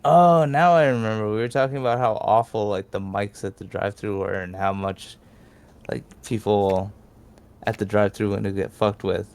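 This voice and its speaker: A man's voice: lowish voice, moderate pace, darkish tone, smooth. A man telling a story in a laid-back, profane way, full of "like" fillers. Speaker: podcast storyteller. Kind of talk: casual storytelling.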